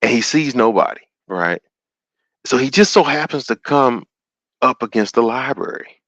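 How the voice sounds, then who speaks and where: A man hosting a call-in show, retelling a story in an animated, sermon-like way and acting out the quotes. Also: mid-range voice, moderate pace, no echo.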